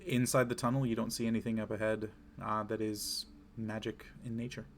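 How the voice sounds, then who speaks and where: A man runs a tabletop game with a low, gravelly voice. He narrates in a relaxed, descriptive way and pauses for fillers. A faint hiss sits behind him. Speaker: game master.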